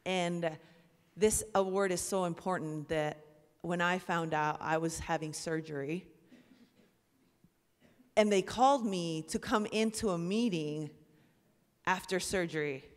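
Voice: mid-range voice, unhurried, pauses often. An airman sits on an award panel on stage and tells a funny personal story, slipping into the voices of others along the way. Each line rings out with the long reverb of a large hall. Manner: lively storytelling with acted-out quotes. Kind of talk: humorous personal anecdote. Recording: reverberant auditorium.

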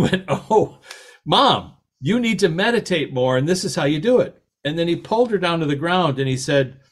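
A middle-aged man with a lively, anecdotal way of talking, telling stories in a talk and acting out the quoted voices. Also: on the high side. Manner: animated, anecdotal, laughs at his own stories, acts out quotes. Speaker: author and podcast host giving a talk. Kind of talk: storytelling talk.

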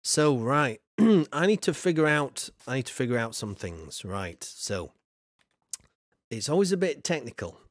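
A man's voice: medium pitch, very animated, measured pace, a bit bright, no room sound. A man streaming a building game, chatting casually with viewers and rambling with lots of fillers. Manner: many fillers and trailing asides. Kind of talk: casual livestream chat while building in a game.

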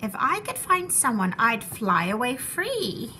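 Woman putting on a lazy storybook bird, female, coaxing, sing-song, bright tone. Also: a little high, big pitch swings, unhurried, slight background noise, exaggerated voice.

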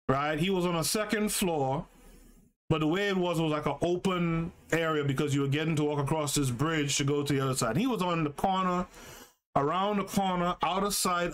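A man's voice: a little high, fairly bright tone. A man hosting a livestream podcast, reading passages aloud and commenting on them in a conversational way, often checking in with "right?". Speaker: podcast host.

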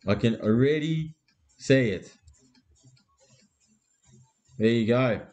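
A man's voice: medium pitch, slow pace, darkish tone. An Australian man hosting a live card break, with crude, laddish banter and constant swearing.

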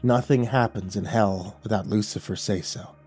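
A weary, mocking escaped soul from hell, as a male narrator puts him on, speaking low and hushed with a breathy edge. He taunts in a sly, almost sad murmur, well below the narrator's usual pitch, over faint background music. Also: steady tone, moderate pace.

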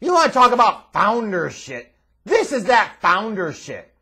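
Very high-voiced man ranting profanely. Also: wildly swooping pitch, unhurried, pushed and bright, husky. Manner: profane, sarcastic, exasperated. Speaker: wrestling show reviewer. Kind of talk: ranting video review.

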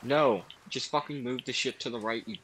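Young guy gamer, cussing and ribbing friends, clear hiss on the mic. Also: mid-range voice, moderate pace, fairly bright tone, low-quality recording. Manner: crude, teasing, swears a lot. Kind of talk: casual gaming chat.

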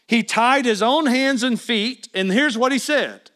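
A man preaching a sermon as pastor, swinging between loud emphatic appeals and hushed asides, often questioning his congregation directly. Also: very high voice, unhurried, hardly any pauses.

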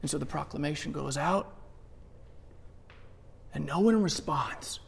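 A pastor with a notably high voice delivers a lively sermon in a church sanctuary. He talks to the crowd casually, dipping into quiet asides before bursting out with emphatic lines. A long reverb trails behind every phrase. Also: measured pace, vocal fry, a little hiss or hum. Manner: animated, swings from hushed asides to loud emphatic bursts; conversational, playfully acts out scripture scenes.

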